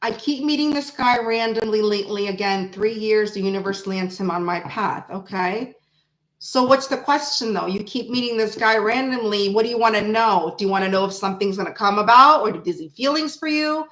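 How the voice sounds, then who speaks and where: A woman's voice: medium pitch, fairly quick, fairly bright tone, reverberant. A woman reading tarot on a live stream and chatting with viewers in a brash, chatty, often profane way. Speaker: tarot reader.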